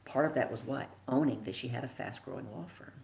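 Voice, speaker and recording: A middle-aged woman telling lively stories as a sales coach on a podcast, asking her listeners questions along the way. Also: extremely low pitch, quick pace, gravelly, lo-fi sound, a little hiss or hum. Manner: animated storyteller who acts out voices and asks the listener questions. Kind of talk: storytelling in a podcast interview.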